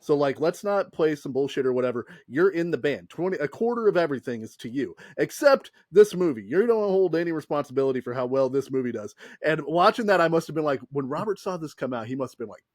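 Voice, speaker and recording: A man's voice: fairly high pitch, expressive, fast, hardly any pauses, a little mellow, no room sound, clean studio sound. A man co-hosting a casual podcast, laid-back, often chiming in with agreement.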